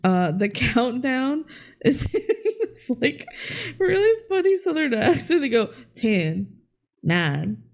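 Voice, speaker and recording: A woman's voice: sits high, big pitch swings, a little slow, darkish tone. A woman co-hosting a podcast, recapping a movie in casual chat, laughing often and swearing freely. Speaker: podcast co-host.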